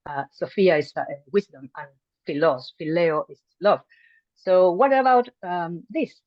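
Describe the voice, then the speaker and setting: An unhurried woman with a lowish voice teaches an online language class, chatty and friendly, filling it with ums and restarts. The recording comes through a video call mic and sounds dull and dry.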